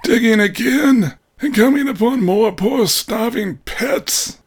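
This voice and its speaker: A man's voice: extremely high pitch, slow, slightly rough, pitched above the performer's own voice, heavily acted. A man voicing a mocking, unhinged young man who harbors an old sorcerer, in an audiobook reading. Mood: sneering. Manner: sneering, ironic bravado turning to frantic shouting.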